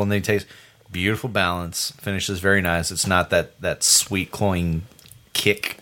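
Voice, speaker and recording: A man hosting a casual beer-tasting podcast, jokey and animated when telling stories. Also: low-pitched, brisk, a little hiss or hum.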